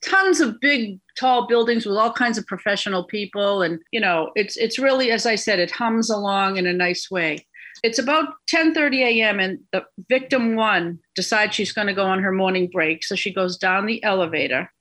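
Bright chatty woman. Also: mid-range voice, moderate pace. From Boston. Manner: chatty, digressive, laughs at the absurdity. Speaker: guest recounting a court case. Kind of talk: casual storytelling interview.

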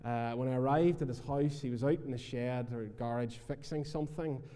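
Dark-voiced Northern Irish minister preaching. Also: male voice, mid-range voice, brisk, clean tone, in a large hall. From Northern Ireland. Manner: conversational preaching with frequent "uh" fillers. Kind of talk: sermon. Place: church.

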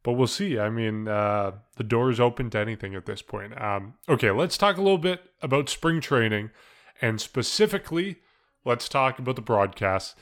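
A man's voice: medium pitch, expressive, moderate pace. A man hosting a casual sports podcast, chatty and laughing often as he runs through the news. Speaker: podcast host.

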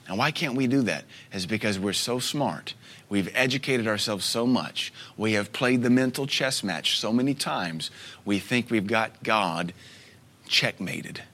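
A man in his thirties preaching a sermon as a pastor, telling stories with soft asides and sudden loud bursts. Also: on the low side. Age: 30s.

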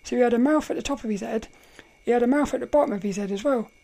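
A woman hosting a casual solo podcast, telling a story in a rambling, animated way, often laughing and restarting her sentences. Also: fairly high pitch, racing. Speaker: podcast host.

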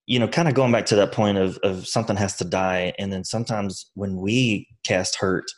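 Earnest, low-voiced male podcast guest. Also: steady tone, moderate pace. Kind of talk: conversational interview.

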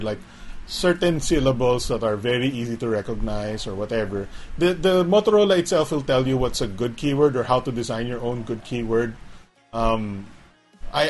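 A Filipino man with a Filipino accent hosting a casual tech stream, chatting loosely, mixing languages and reading viewer questions. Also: medium pitch. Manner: chatty, code-switching, reads viewer comments. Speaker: tech show host. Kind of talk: casual live-stream chat.

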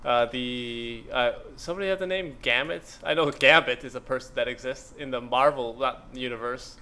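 A man's voice: medium pitch, normal speed, bright, forceful tone. A man co-hosting a podcast in casual, rambling, joking chat. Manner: rambling, joking, filler-heavy. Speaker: podcast co-host.

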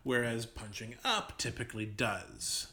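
Animated male podcast co-host. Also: medium pitch, creaky. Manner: animated, laughs often, quick restarts. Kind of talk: casual chat.

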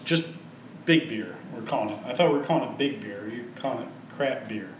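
A man's voice: mid-range voice, animated, fairly quick, reverberant, slight background noise. A man co-hosting a podcast, blunt and teasing in casual banter. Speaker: podcast co-host.

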